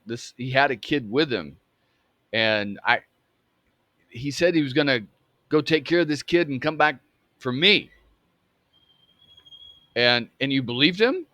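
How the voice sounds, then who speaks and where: A man in his fifties from Atlanta recounts a personal memory to camera. He speaks earnestly and haltingly, often restarting his phrases. His voice sits at a middling pitch, recorded dry and close. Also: lively intonation, fairly bright tone, no room sound. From Atlanta, Georgia. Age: 50s. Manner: earnest, halting, repeats himself.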